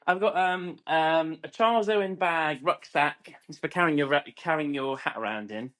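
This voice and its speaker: A man's voice: on the high side, moderate pace, a bit bright. A man co-hosting a casual podcast chat, giggling often and rambling in a self-deprecating way. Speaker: podcast co-host.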